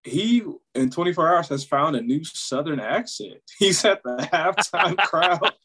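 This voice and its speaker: A male co-host on a laid-back sports podcast. His voice sits a little higher than most men's. He throws in quick, incredulous reactions and jokes. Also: animated, very noisy. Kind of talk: casual sports chat.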